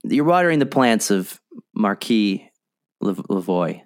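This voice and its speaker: Podcast host guy, lowish voice, dead dry sound, jokey, rambles into his questions. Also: very animated, unhurried, no echo. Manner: joking, long-winded questions. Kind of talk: casual interview chat.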